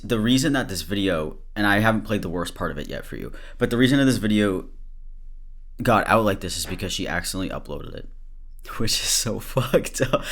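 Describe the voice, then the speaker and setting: A man's voice: lowish voice, a bit bright. A man hosting a podcast, reacting candidly to a clip with laughter and blunt swearing. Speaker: podcast host. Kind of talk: casual commentary.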